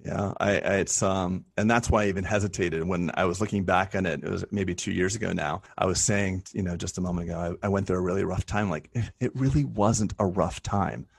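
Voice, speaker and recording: A man's voice: sits low, fairly even intonation, a little fast, vocal fry, hardly any pauses, slightly rough, no room sound. A middle-aged man hosting a podcast, telling stories in a candid, emotional way. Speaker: podcast host. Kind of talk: casual podcast conversation.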